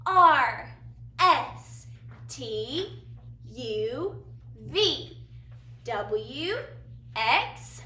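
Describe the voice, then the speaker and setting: A woman teacher leading a phonics lesson for young children, in a sing-song, slow and encouraging way with big praise, in a classroom. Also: sits high, sharp tone, far from the mic. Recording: roomy sound from a little off the mic, faint room hiss.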